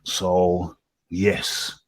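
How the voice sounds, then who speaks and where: A British man hosting a casual boxing chat, animated and laughing often, repeating his words as he goes. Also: low-pitched, drawn-out words, no room sound. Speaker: host.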